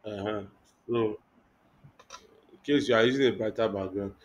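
Guy teaching web code on a call, lots of um and restarts, muffled lo-fi audio. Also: lowish voice. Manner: halting, thinks aloud with many restarts and fillers. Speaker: web development instructor. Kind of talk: live online coding class.

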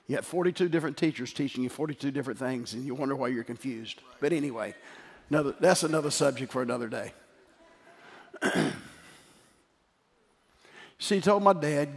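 A middle-aged man preaching a sermon as pastor, shifting from emphatic exhortation to quiet, tender storytelling. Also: mid-range voice, a little fast, pauses often, slightly rough. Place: church sanctuary. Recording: hall reverb with faint music.

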